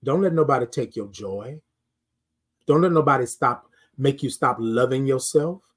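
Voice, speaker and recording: On his morning live stream, a middle-aged host delivers a repetitive, sermonizing motivational talk about self-worth while welcoming viewers in the chat. He has a husky mid-range voice at a normal speed.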